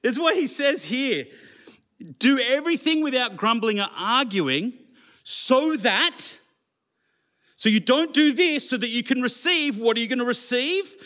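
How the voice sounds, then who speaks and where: A man's voice: extremely high pitch, animated, measured pace, bright, forceful tone. A man preaching a sermon in church, conversational and full of rhetorical questions to the congregation. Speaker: pastor.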